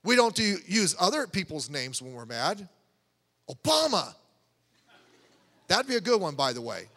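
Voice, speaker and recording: High, bright-voiced preacher in a reverberant church. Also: male voice, sing-song, fairly quick. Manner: conversational preaching with asides and restarts. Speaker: pastor. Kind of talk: sermon. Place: church sanctuary. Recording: long church hall reverb.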